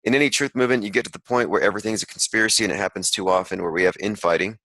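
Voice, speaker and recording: A man's voice: lowish voice, very fast, sharp tone, dry recording, low-quality recording. A man hosting an online call, giving rambling, sarcastic commentary while reading an article aloud. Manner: sarcastic, rambling, with frequent asides. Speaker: podcast host.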